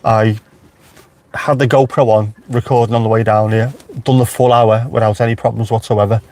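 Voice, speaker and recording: A man's voice: mid-range voice, level tone, normal speed, a little mellow. Chatty man with a Liverpool accent. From Merseyside, England. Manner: chatty, wry, talks back to live chat. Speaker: vlogger live-streaming. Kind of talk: casual live-stream chat. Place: inside a car.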